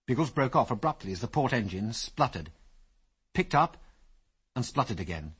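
A man narrating an adventure story as an audiobook, with lively, expressive storytelling. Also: mid-range voice, normal speed, long pauses, husky.

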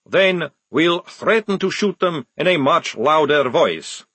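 A man voicing an irritable male soldier, cold and snappish, with a husky voice that swings up and down. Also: fairly high pitch, huge pitch swings, moderate pace, fairly bright tone, no room sound, voice pushed up, exaggerated voice.

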